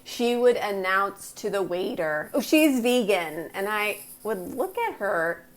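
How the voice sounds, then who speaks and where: A woman's voice: mid-range voice, sing-song, unhurried. A woman co-hosting a casual chat podcast, enthusiastic and fond of acting out what people said. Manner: enthusiastic, acts out quotes. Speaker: podcast co-host.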